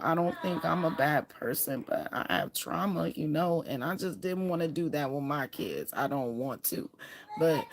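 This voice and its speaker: A woman with a low, gravelly voice chats on her live stream. She rambles and stops short, circling back over the same words, with a faint hiss of noise behind her. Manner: rambling, halting, repeats herself. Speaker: livestreamer. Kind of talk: emotional live stream chat.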